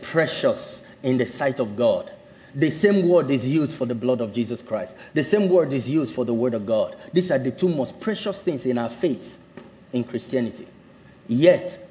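A man preaching a sermon as pastor, telling stories in an animated way. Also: mid-range voice, normal speed, big-room sound, slight background noise. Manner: animated storytelling.

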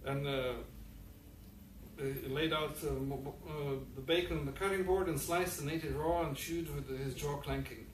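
A man reading his own fiction aloud at a public event, halting with frequent fillers. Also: fairly high pitch, steady tone. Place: event hall. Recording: echoey room, distant mic, faint noise.

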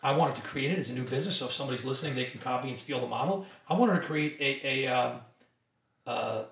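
A man's voice: mid-range voice, fast talker, a bit bright, roomy sound, recorded from a distance. A man who is a company co-founder, speaking as a podcast guest with an emphatic, persuasive manner. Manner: emphatic, persuasive, acts out quoted dialogue. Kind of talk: energetic conversational interview.

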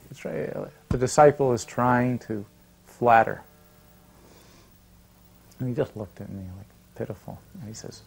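A man telling a story in a halting way with restarts. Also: mid-range voice, fairly even intonation, vocal fry, a little mellow, breathy edge. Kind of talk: casual storytelling.

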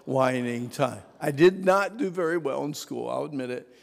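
A man preaching a Sunday school sermon to adults, teens and kids, swinging from hushed whispers to shouts and having the audience repeat words after him. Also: a little high, fairly quick, gravelly. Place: church hall. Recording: long reverb of a church hall.

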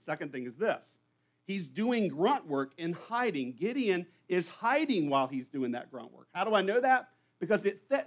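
A man preaching a sermon to a church congregation, conversational and full of rhetorical questions. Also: high voice. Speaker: pastor. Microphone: live church recording.

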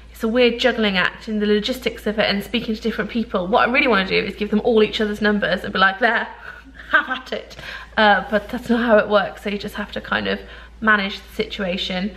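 A woman in her thirties talks casually to camera at home. She rambles through her plans with plenty of fillers and self-deprecating asides. Her voice sits at an ordinary middle pitch. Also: a bit bright. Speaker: vlogger. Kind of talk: casual vlog chat.

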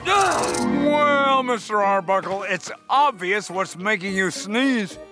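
A man voicing a pompous older cartoon doctor who talks slowly and smoothly in leading questions. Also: high voice, expressive. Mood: coaxing. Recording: cartoon soundtrack with music.

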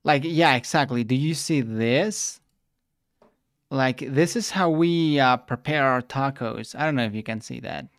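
A young man from Mexico chatting casually as he reacts to a video, excitable and quick to interject. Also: mid-range voice, clean tone, no echo, studio quality.

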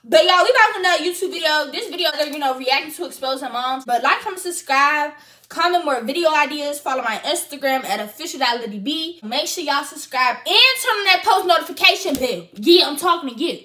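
A woman's voice: high-pitched, animated, a little fast, bright, forceful tone. A young woman hosting a reaction vlog, chatty and playful and laughing easily. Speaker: YouTuber.

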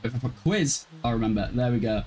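This game streamer from Hull, East Yorkshire, England speaks at a quick pace in a mid-range, slightly mellow voice. He talks casually with his viewers during gameplay, laughing often and swearing freely.

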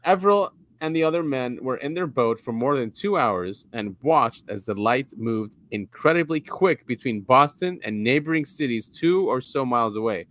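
A man co-hosting a casual podcast, relaxed and chuckling as he reads articles aloud to his co-host. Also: medium pitch, moderate pace, few pauses, dry recording.

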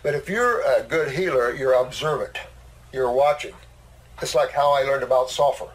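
A man's voice: mid-range voice, moderate pace, slight background noise, low-quality recording. An older man hosting a casual talk, a blunt and boastful storyteller. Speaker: host. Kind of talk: casual conversation.

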